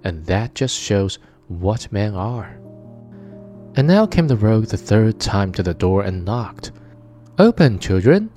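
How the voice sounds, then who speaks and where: Mellow-voiced man reading a fairy tale. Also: lowish voice, animated, a little slow, soft background music. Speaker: storyteller. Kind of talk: read-aloud fairy tale narration.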